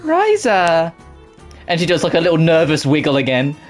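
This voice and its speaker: A man's voice: on the high side, steady tone, quick pace, faint music behind. A man casually commentating a video game as he plays, swearing often and laughing at his own mistakes. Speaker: gaming YouTuber. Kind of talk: let's play commentary.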